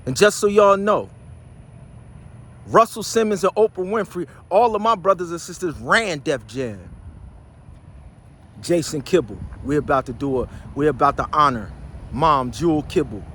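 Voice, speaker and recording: A man, delivering a loud, boastful street monologue full of shouted rhetorical questions. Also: on the high side, lively intonation, a little slow, pauses often, breathy edge. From New Jersey. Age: high school in 1975, so 60s.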